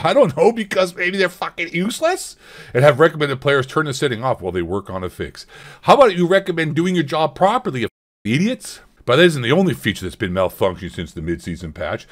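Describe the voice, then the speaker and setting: A young man tears through gaming news commentary at a rapid clip, his voice sitting slightly high. He is sarcastic and exasperated, and he swears constantly as he vents.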